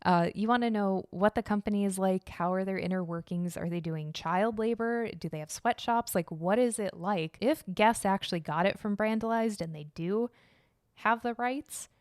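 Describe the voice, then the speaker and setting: A woman's voice: mid-range voice, moderate pace, darkish tone, clear, resonant tone, no room sound. Chatty woman hosting a dry podcast. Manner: chatty and opinionated, with lots of fillers and asides. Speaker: podcast host. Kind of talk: casual solo podcast commentary.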